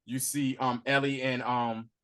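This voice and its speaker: A man co-hosting a podcast, giving a casual, animated recap of a TV episode and acting out the characters' lines. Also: medium pitch, a little slow, clear, resonant tone. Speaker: podcast co-host.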